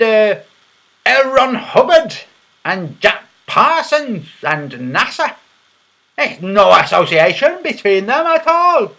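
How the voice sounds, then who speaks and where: A man's voice: very high-pitched, fairly bright tone, pitched above the performer's own voice, full character voice. A man putting on a mocking impression of an exasperated male skeptic, whiny and incredulous.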